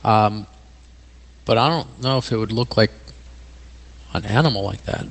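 A man's voice: lowish voice, measured pace, big-room sound, low-quality recording. A man guesting on a radio show as a skeptic, explaining things in a dry, matter-of-fact way. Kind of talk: casual studio chat. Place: radio studio.

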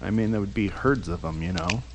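A man's voice: on the low side, a little fast, noisy background. A man hosting a radio show, chatting loosely in the studio, rambling and laughing as he asks questions. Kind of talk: casual studio chat.

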